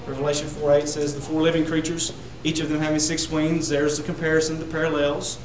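A man's voice: a little high, level tone, fairly quick, background noise. Emphatic preacher man in an echoey room. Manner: building to loud emphatic peaks on repeated words. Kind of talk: sermon. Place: church sanctuary.

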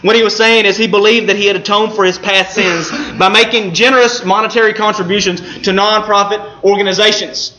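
A man preaching a sermon in an earnest, measured way, slowing down for emphasis. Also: high voice, steady tone, bright, forceful tone, reverberant, poor audio.

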